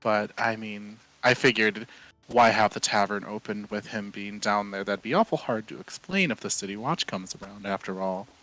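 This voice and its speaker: A man's voice: on the low side, moderate pace, sharp tone, poor audio. A man playing his character in a tabletop game, talking in wry, playful banter over an online call. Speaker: player. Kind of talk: in-character tabletop role-play.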